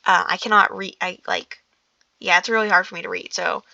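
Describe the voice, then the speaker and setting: A woman reads a book aloud in a casual, unpolished way, tripping over words, restarting lines and drifting into chatty asides. Her voice is bright with a gravelly edge. The sound is dry and close, recorded indoors in a dark room. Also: on the low side, steady tone, fairly quick, no room sound, highs cut off. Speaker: audiobook reader.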